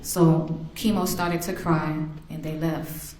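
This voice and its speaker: A woman's voice: sits low, steady tone, takes it slowly, a little mellow. A woman, the victim's mother, giving an emotional victim impact statement in a courtroom, telling memories and acting out remembered voices. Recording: echoey courtroom.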